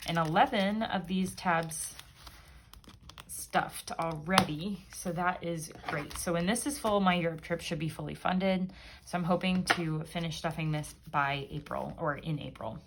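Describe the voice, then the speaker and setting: A woman's voice: on the low side, noisy background. A woman vlogger chatting casually and upbeat as she counts bills aloud, one by one. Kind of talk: casual chat while counting cash.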